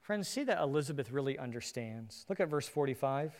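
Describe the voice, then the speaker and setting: A man preaching a sermon as pastor, shifting between animated, emphatic lines and hushed, earnest ones. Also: mid-range voice, a little fast, long reverb tail.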